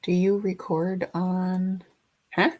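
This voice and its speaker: A woman's voice: fairly low pitch, flat delivery, takes it slowly, darkish tone. A woman hosting a casual livestream, chatting and greeting viewers by name, sometimes singing a snippet. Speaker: livestream host.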